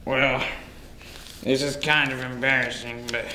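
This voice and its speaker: A man's voice: mid-range voice, level tone, a little slow, heavy background noise, close to an everyday voice. A man playing a bashful, lovesick penguin villain in an amateur comedy sketch, sheepishly reciting a clumsy love poem in a roomy room. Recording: roomy indoor echo.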